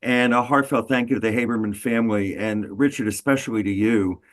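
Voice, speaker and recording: A man hosting an interview, asking questions and thanking his guest in an earnest, halting way. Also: on the low side. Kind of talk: interview questions and closing remarks.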